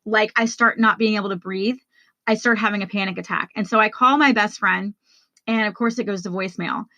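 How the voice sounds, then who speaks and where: A woman's voice: mid-range voice, steady tone, fairly quick, bright, forceful tone, no echo. A woman hosting a podcast, telling a personal story in a candid, conversational way and speaking straight to her listeners. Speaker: podcast host.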